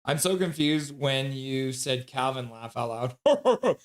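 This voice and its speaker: A man hosting a casual live stream, reading out viewer chat with frequent laughs and excited outbursts. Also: medium pitch, slow pace. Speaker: livestream host.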